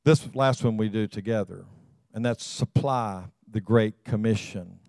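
A man's voice: fairly low pitch, unhurried, creaky, darkish tone, no room sound. A man, preaching a sermon as pastor. He speaks emphatically, calls out to the congregation and repeats words as he builds his points.

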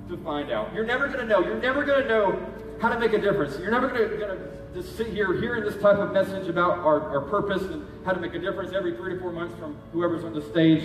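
A man preaching a sermon as pastor, urging and conversational in his manner. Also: high-pitched. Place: church hall. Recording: echoey hall, heard from a distance.

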